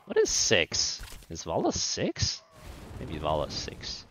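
A man's voice: low-pitched, wildly swooping pitch, takes it slowly, a bit bright, slight background noise. A man streaming a video game, commenting casually and muttering jokes to himself.

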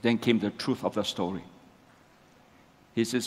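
A man's voice: on the low side, steady tone, measured pace, long pauses, breathy edge. A male pastor preaching a sermon, asking the congregation rhetorical questions and tagging lines with "isn't it?". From Malaysia. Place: church sanctuary. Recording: long church hall reverb.

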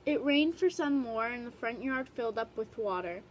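A woman reading a children's picture book aloud in a lively storytelling way, with short remarks about the pictures between passages. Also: on the high side, normal speed. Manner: animated read-aloud, brief asides about the pictures. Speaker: storybook reader.

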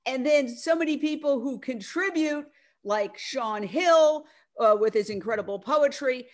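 A middle-aged woman speaking on a video call, loud, animated and emphatic, with a rousing tone. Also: high voice, measured pace. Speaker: media network founder speaking at an online event. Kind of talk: casual speech on a video call.

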